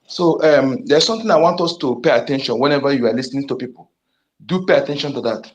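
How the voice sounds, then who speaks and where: A man's voice: mid-range voice, lively intonation, quick pace, muffled recording. A man with a Nigerian Igbo accent speaking in an online discussion, emphatic and repetitive, with frequent restarts. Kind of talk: impassioned political talk.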